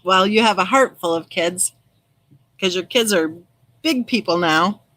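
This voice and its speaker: A woman's voice: fairly low pitch, a little slow, no echo, rough recording. A middle-aged woman hosting a live stream, reading viewer comments aloud and replying to them by name. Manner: chatty, reads viewer comments aloud and replies warmly by name. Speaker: true crime channel host reading live chat. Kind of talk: casual live-stream chat.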